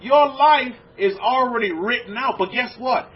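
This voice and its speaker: A man with a high, husky voice preaches to his congregation, piling up rhetorical questions. He jumps from loud exclamations down to low, almost murmured lines. The recording sounds dull and lo-fi. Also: measured pace. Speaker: rabbi teaching a congregation. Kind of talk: preaching a lecture-sermon.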